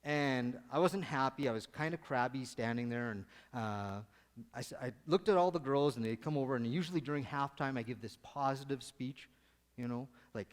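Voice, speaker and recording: A man's voice: mid-range voice, normal speed. A man giving a casual, joking sermon to his congregation, rambling and conversational. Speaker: lay preacher. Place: church sanctuary. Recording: long church hall reverb.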